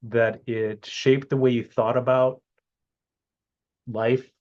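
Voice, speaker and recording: A man's voice: medium pitch, little pitch movement, slow pace. A man in his fifties from Hawaii sits for a casual interview and talks in a mid-range voice. He gropes for words, restarting his sentences and filling the gaps with "um" and "you know". The sound is a little muffled, with a dull, lo-fi quality. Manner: hesitant, many restarts and fillers. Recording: muffled lo-fi recording.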